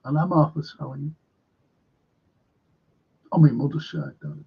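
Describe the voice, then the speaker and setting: A man's voice: fairly high pitch, fairly even intonation, a little slow, creaky, slightly rough. An older man with a Liverpool accent, hosting a casual live football chat stream in a rambling, blunt way, swearing freely. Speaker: host. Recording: dull lo-fi stream audio.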